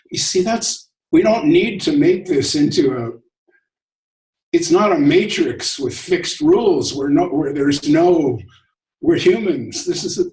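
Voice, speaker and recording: A man hosting an online discussion, telling stories in a relaxed way and chuckling often. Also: on the high side. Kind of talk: casual spiritual talk. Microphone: video call. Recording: echoey room, distant from mic.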